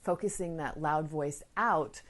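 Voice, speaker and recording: A woman's voice: low voice, unhurried. A woman hosting a parenting podcast, giving advice in an earnest, conversational way and speaking directly to her listeners. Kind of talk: casual advice talk. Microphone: podcast microphone.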